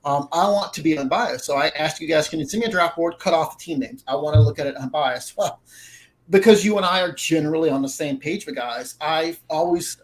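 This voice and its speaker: A man's voice: on the high side, brisk, poor audio. A man co-hosting a fantasy football show, chatty and prone to restarting sentences with fillers. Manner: chatty, self-interrupting with fillers. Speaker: fantasy football content writer co-host. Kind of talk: casual podcast chat.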